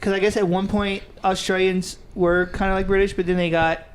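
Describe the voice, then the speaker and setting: A man's voice: high voice, flat delivery, fairly quick, smooth. A man co-hosting a podcast in casual chat, rambling through stories and laughing often. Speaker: podcast co-host. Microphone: studio mic under bright lights.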